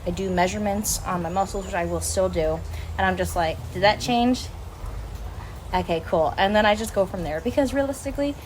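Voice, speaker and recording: A woman's voice: medium pitch, quick pace, a little hiss or hum, rough recording. A young woman talking casually to camera as a fitness vlogger, chatty, blunt and emphatic. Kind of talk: casual vlog talk to camera.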